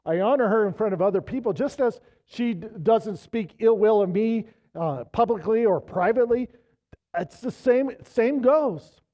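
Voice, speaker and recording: A man in his fifties, a pastor preaching a sermon in a casual, conversational way, swinging from loud emphasis to low, quiet appeals. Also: lively intonation, normal speed, lo-fi sound.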